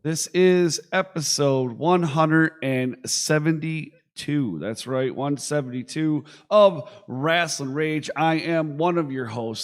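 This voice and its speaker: A man's voice: a little high, slow, hardly any pauses. A man hosting a wrestling talk show, hyping up his co-host with jokey titles in casual chat. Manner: joking, hype-man introductions. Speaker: podcast host.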